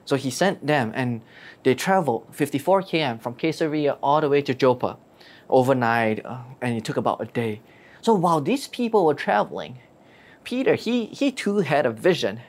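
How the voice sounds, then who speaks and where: A storyteller retelling a Bible story in a lively way, asking rhetorical questions. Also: mid-range voice, moderate pace. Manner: lively, asks rhetorical questions, acts out quotes.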